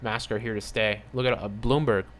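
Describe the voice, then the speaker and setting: A man with a slightly low voice delivers a heated commentary on the news. He reads headlines aloud and answers them with sarcasm and open indignation. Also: fairly even intonation, moderate pace. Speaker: channel host.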